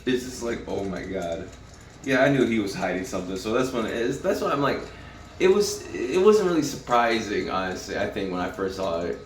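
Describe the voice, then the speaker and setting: A man's voice: fairly low pitch, sing-song, brisk, slight background noise. A man giving a casual, profane, rambling spoken review of a TV episode, with frequent restarts. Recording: roomy, from a distance.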